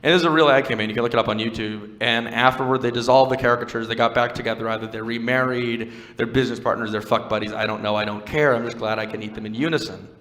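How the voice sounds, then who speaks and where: A young man performing stand-up on a stage mic, his bright, forceful voice carrying a long reverb through the venue. He talks conversationally and wryly, mixing self-deprecating stories with playful crowd work. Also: medium pitch, steady tone, quick pace, few pauses. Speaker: stand-up comedian. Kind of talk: stand-up comedy set.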